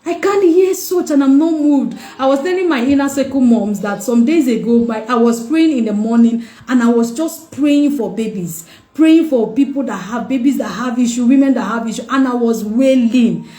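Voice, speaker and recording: A woman's voice: a little high, moderate pace, dark tone. A mother sharing her personal testimony, speaking with emotion and repeating phrases for emphasis. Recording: echoey room.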